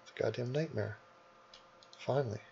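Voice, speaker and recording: A man's voice: mid-range voice, moderate pace, creaky, a little mellow, muffled recording, a little hiss or hum. A man rambling and swearing in casual commentary as he edits a video, with many asides. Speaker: YouTuber. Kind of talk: casual commentary while editing. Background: keyboard typing.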